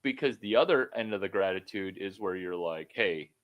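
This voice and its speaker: A man's voice: low voice, fairly quick. Blunt, profane male coach. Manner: blunt, profane and rambling, with sudden loud bursts. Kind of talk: one-on-one coaching call. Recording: phone call.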